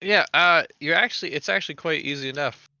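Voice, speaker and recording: Bright, crisp-voiced man running a game. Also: a little high, fast, dry recording, dull audio. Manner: loose, laughing, crude narration with many fillers. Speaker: game master. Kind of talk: narrating a tabletop game.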